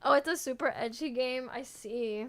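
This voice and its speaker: Speaking at normal speed in a high voice, this VTuber streamer teases her viewers playfully while responding to their chat. She laughs often and keeps breaking off partway through sentences.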